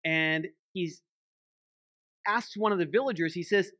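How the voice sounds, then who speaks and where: A man's voice: high-pitched, measured pace, pauses often, bright, forceful tone, no echo. A man, a church elder, preaching a sermon in a conversational way, often checking in with the congregation by asking "right?". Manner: conversational, frequent "right?" tag questions.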